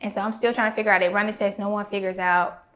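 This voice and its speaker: A woman's voice: medium pitch, rapid-fire. A woman in her thirties tells her own story on a podcast in a mid-range voice. She talks candidly and animatedly, slipping into the voices of the people she quotes. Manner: animated, acts out quoted dialogue.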